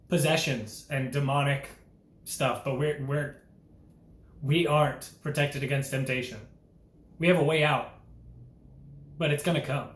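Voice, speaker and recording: A man's voice: on the high side, echoey room. A young man delivering an impassioned, earnest preaching monologue as a Christian vlogger, urgent and full of rhetorical questions.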